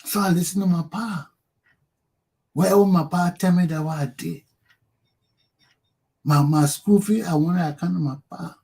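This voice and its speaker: A man with a Liberian English accent hosting a talk show, telling profane personal stories with animated, laughing delivery. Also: high voice, normal speed, vocal fry, long pauses, husky. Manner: animated, profane, laughs often, acts out quotes loudly. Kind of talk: casual storytelling monologue.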